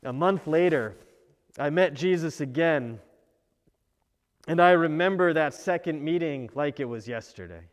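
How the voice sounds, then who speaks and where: An aging fisherman looks back and tells his story in the first person, voiced by a preacher. The voice sits a bit high for a man and is reflective in manner. A long reverb hangs after each phrase. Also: animated, a little slow, pauses often. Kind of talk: first-person narrative sermon.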